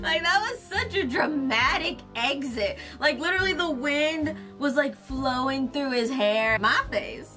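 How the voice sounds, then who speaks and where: Animated, bright-voiced young woman storyteller. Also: high voice. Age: young adult. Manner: animated, expletive-laden, self-mocking. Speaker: YouTuber. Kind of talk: storytime vlog.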